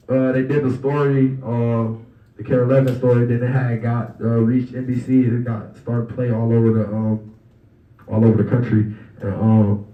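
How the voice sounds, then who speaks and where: Young male guest speaker, easygoing storyteller, heard from a distance in an echoey hall. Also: medium pitch. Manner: relaxed and conversational, acting out quoted voices. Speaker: guest speaker at an awards banquet. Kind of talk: casual storytelling speech. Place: banquet hall. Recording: roomy, distant, dull hall recording.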